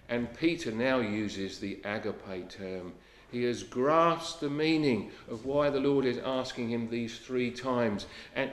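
A man preaching a sermon in an earnest, unhurried way, often dropping to a soft hush. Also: mid-range voice. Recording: echoey room.

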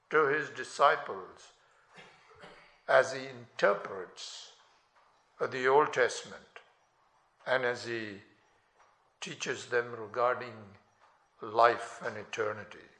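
A man preaching a sermon in a slow, deliberate way, lifting his voice sharply on scripture quotations. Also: on the high side, bright, forceful tone. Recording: echoey room.

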